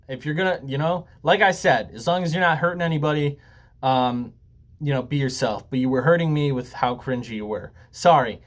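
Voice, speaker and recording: A man's voice: medium pitch, brisk. A young man talking casually to camera, rambling and joking, with frequent ums and some swearing. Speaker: YouTuber. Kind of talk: casual laid-back talk to camera.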